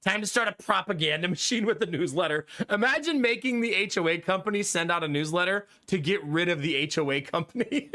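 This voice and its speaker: A man with a fairly high, bright and forceful voice, chatting casually with his live viewers. He rambles through his story with frequent laughs and casual swearing. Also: expressive, brisk. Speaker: streamer.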